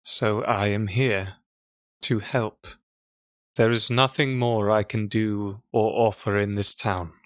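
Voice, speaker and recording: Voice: mid-range voice, steady tone, fairly bright tone, no room sound. Rook, a player voicing a solemn stranger. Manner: slow, measured, formal speech. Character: solemn mysterious male stranger, calm, cryptic. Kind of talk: tabletop role-play voice acting.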